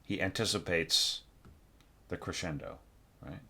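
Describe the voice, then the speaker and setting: A man with a very low voice goes through a student's score in a loose, thinking-aloud way. He stumbles and corrects himself often and sings melodic fragments on nonsense syllables to make his points. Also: unhurried, pushed and bright, husky. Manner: frequent fillers and self-corrections. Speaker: orchestration teacher. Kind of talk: score critique.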